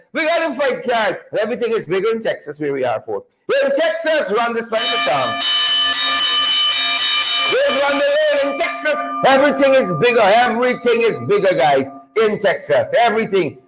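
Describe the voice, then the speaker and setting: Animated man hosting a live show. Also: high voice, poor audio. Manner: animated, repetitive, joking banter. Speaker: livestream show host. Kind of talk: lively live-stream chat greeting viewers.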